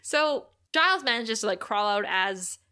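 Bright laughing woman recapping episodes. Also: on the high side, a little slow. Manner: animated, laughs often, acts out quotes. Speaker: podcast co-host. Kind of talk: casual recap chat.

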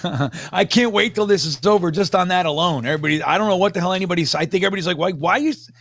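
A man on a casual sports panel, telling stories excitedly and laughing often. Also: high voice, rapid-fire, no room sound.

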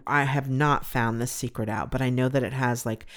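Woman, middle-aged, from California, podcast host, casual rambling chat, emotional and gushing, deep voice. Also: steady tone, normal speed.

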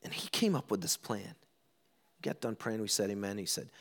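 A middle-aged man preaching a sermon, telling stories and acting out quoted lines with lively ups and downs. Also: on the low side, a little fast, creaky. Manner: animated storytelling, acts out quotes. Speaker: pastor.

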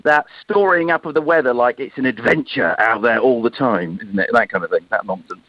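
A man's voice: mid-range voice, a little fast, no room sound. A man calling in to a radio talk show, chatting easily but hesitantly, stammering and restarting his words. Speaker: phone-in caller. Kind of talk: casual phone chat. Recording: dull phone line.

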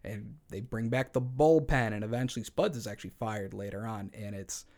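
A man's voice: fairly low pitch, brisk, darkish tone. A man co-hosting a podcast, retelling a story in a casual, irreverent way with wry asides. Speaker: podcast co-host.

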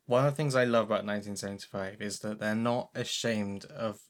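A woman's voice: a bass voice, steady tone, fairly quick. A woman co-hosting a podcast in casual chat, rambling and self-mocking, prone to going off on tangents. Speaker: podcast co-host.

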